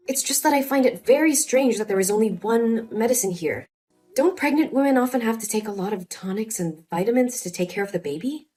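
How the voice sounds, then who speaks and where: A woman narrating a dramatized first-person story as a pregnant wife, talking in a calm, earnest, measured way. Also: on the high side, faint music behind.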